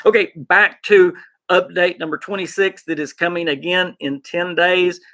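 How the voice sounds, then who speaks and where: A man with an Arkansas Southern accent hosting a gaming podcast, chatting excitedly and rambling as he talks to his live chat. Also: high-pitched, normal speed. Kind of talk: casual live-stream chat.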